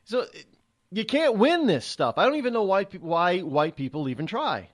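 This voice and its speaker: A middle-aged radio talk show host with a high-pitched voice speaks at a moderate pace. His monologue is opinionated and sarcastic, and he's animated, acting out other people's voices.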